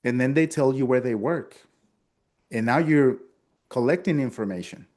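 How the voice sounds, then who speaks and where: A man's voice: mid-range voice, animated, a little slow, pauses often, darkish tone. A man whose first language is Spanish, teaching sales technique and acting out friendly phone small talk with frequent restarts. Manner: acts out upbeat customer small talk, restarts often. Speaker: sales trainer. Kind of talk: instructional talk with role-played sales lines.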